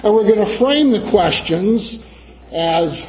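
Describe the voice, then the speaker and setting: Storytelling preacher, a man with a high-pitched voice. Dull recording in a reverberant church. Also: expressive, unhurried, darkish tone, slight background noise. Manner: storytelling, acting out the voices of others. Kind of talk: sermon with a personal story.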